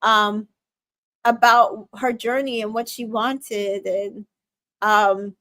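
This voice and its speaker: A woman's voice: medium pitch, level tone, slow pace, a bit bright, no echo. A woman hosting a casual TV recap, chatty and emotionally invested, with lots of fillers and self-corrections. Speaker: recap show host.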